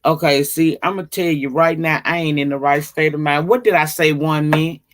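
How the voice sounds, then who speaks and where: A woman hosting a casual livestream, greeting viewers by name and chatting in a profane, drawn-out way. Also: sits low, steady tone. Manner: slow, drawn-out delivery. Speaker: livestream host.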